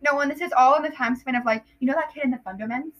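A woman co-hosting a podcast, chiming in with teasing corrections in casual chat. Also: high-pitched. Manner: teasing interjections, quick corrections. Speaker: podcast co-host.

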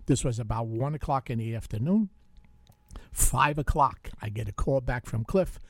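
Telling stories and joking around with ready laughter, an older man with a Bronx accent hosts a casual radio show from the studio. He speaks at normal speed in a mid-range voice, and the sound is dry and clean.

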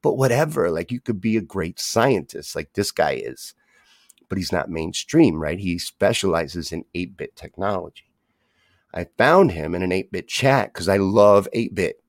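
A man's voice: deep voice, lively intonation, normal speed, no room sound, clean studio sound. A man hosting a podcast on his own, talking in a rambling, profane, grumbling way. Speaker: podcast host. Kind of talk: casual solo rant.

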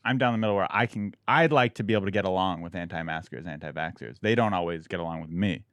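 A man hosting a casual podcast, deadpan and provocative. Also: low voice, fast talker, no echo. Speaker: podcast host.

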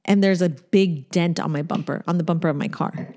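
A woman's voice: on the low side, a little fast, dark tone. A woman co-hosting a podcast, telling a story in casual chat, acting out quotes and laughing often. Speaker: podcast co-host.

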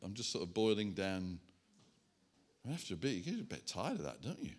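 A man preaching a sermon, animated and self-mocking, chatting with the congregation as he works through a demonstration. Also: low voice, fairly quick. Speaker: pastor. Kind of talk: sermon with props. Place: church hall.

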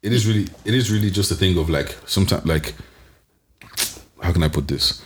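A man's voice: deep voice, fairly quick, slight background noise. A young man co-hosting a casual podcast chat, laid-back and rambling, with lots of restarts and slang. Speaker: podcast co-host.

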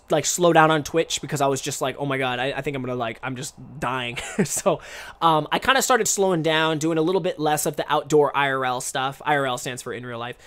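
A man's voice: a little high, fairly bright tone, clean tone. A young man streamer and English teacher talking casually to camera, rambling and restarting his sentences with lots of fillers. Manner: rambling, self-interrupting, many fillers.

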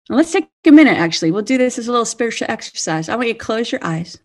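A woman in her fifties giving a sermon-style talk, earnest and animated, laughing now and then. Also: a little high, fast, few pauses. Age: 50s. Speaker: speaker.

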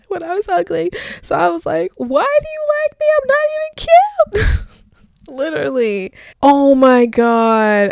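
A woman's voice: fairly high pitch, a little mellow, clear, resonant tone, no echo, studio quality. A young woman vlogger chatting casually, reading her old posts aloud in a rambling, filler-heavy way.

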